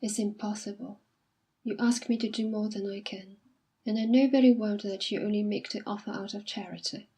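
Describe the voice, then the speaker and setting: A woman's voice: medium pitch, steady tone, fairly quick, slightly rough. A woman reading a proud, wounded young woman. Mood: dignified. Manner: quiet, dignified, restrained. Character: jilted young woman, proud and self-sacrificing. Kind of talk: audiobook reading.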